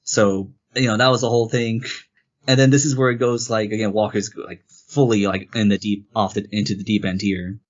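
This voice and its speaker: Guy co-hosting a game podcast, kinda low voice, rambly retelling, muffled sound. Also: brisk. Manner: rambling, animated retelling with quoted character lines. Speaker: podcast co-host. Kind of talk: casual game review chat.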